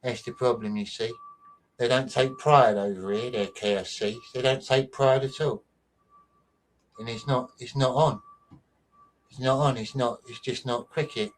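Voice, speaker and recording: Rambling host with a softened Manchester accent. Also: male voice, mid-range voice, steady tone, measured pace, long pauses, slight background noise. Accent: mild Mancunian, softened by London. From near Manchester, England. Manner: rambling, repeats himself, chatty asides. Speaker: show host. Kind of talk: casual chat.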